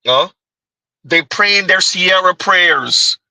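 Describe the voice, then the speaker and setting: A man's voice: high-pitched, slow, vocal fry, bright, forceful tone, no echo, rough recording. A man hosting reaction commentary, mocking his subject and often asking "Huh?". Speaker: commentary host.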